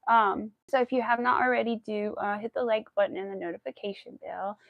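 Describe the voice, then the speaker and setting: Teary woman hosting a crochet live stream, gravelly voice, lots of ums, dull dry mic sound. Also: mid-range voice, steady tone, brisk, no echo. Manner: rambling with many fillers. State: emotional, near tears. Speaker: crochet livestream host. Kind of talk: casual live stream chat.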